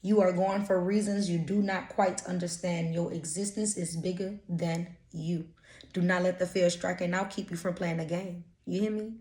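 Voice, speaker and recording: A woman's voice: lowish voice, fairly even intonation, normal speed, a little mellow. Blunt woman, roomy echo. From Louisiana. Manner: blunt, profane, streetwise slang. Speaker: intuitive reader. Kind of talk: casual channeled energy reading.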